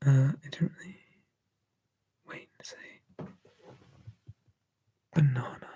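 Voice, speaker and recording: A man streaming live ASMR, whispering softly and answering chat in a relaxed way. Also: mid-range voice, measured pace, slight background noise.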